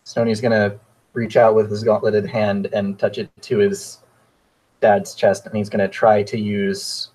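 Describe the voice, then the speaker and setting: A man with a lowish, husky voice plays a tabletop game, slipping between describing his character and speaking as him. He talks hesitantly, restarting sentences. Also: flat delivery, unhurried, a little mellow, poor audio. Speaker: player.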